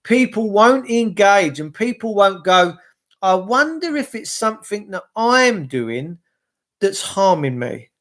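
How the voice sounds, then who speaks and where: High-voiced ranting man. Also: very animated, slow, fairly bright tone. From England. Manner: ranting, reads viewer comments aloud and answers them. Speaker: livestream host. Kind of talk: rambling live-stream monologue.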